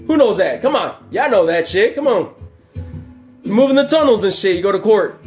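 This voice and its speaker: Мужчина с очень высоким голосом. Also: male voice, sits high, animated, a little fast, a little mellow, soft background music. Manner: profane, rambling, laughs often. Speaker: channel host. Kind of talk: casual storytelling.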